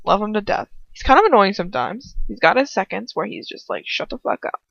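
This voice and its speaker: A woman's voice: medium pitch, animated, a little fast, gravelly, a bit bright, dry recording. A young woman reading fan fiction aloud who breaks off into blunt, rambling casual commentary, swearing freely. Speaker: fanfiction reader. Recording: dull lo-fi home recording.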